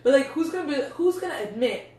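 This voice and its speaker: A woman's voice: high voice, expressive, fast talker, dark tone, far from the mic. A young woman, talking casually to camera as a meditation coach, loose and chatty, swearing freely and saying "like" a lot. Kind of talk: casual vlog talk. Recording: echoey room, voice off-mic, faint noise.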